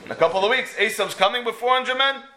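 A man teaches a Torah lesson through stories, firing questions at his listeners and answering them himself. His voice sits high and sounds bright and forceful. He talks in a lively, storytelling way. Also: fast talker. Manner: animated, asks and answers his own questions, mixes in Hebrew phrases.

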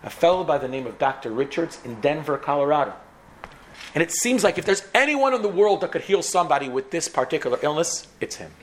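A man delivering a story-sermon, his voice leaping up and down as he builds tension through repetition. He sits a touch above the usual male pitch and acts out every exchange. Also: big pitch swings, fast, slight background noise. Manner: dramatic, repetitive, acts out dialogue.

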